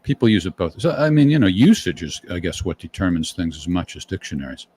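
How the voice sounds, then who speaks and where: A man hosting a casual podcast in a very low voice that still swings a lot in pitch. He keeps things easygoing and chatty, with wry little asides. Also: sing-song, fast, dark tone, slightly rough. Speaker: host.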